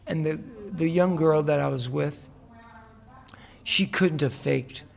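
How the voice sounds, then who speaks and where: A man talking as a guest in a casual interview in a hotel room, telling a long story in a soft-spoken, meandering way with frequent restarts. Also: fairly high pitch, slow pace, creaky. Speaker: musician guest.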